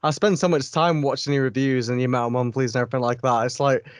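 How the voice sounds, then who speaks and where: A man's voice: mid-range voice, steady tone, quick pace, no room sound, studio quality. A British man hosting a casual podcast interview, enthusiastic and laughing along with his guest. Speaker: podcast host.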